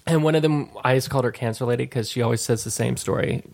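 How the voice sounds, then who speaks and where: A man's voice: mid-range voice, fast talker, creaky, a little mellow. A man telling a casual, rambling story in a chat. He swears freely and acts out the people he quotes.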